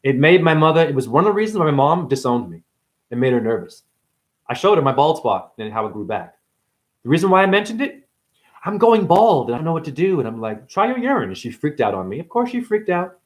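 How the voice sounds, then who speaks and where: Male vlogger, fairly high and highly animated; profane, taunting, rapid-fire questions at the audience. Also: poor audio. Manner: profane, mocking, swings between shouting and murmuring; rapid rhetorical questions at the viewer. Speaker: self-styled spiritual vlogger. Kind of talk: unscripted monologue to camera.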